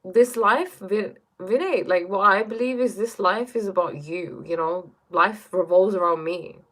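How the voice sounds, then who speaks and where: A woman's voice: medium pitch, unhurried, a bit bright. A woman hosting a casual live stream from her bedroom, reading chat aloud and musing reflectively, often checking in with "right?" and "you know?". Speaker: livestream host reading chat.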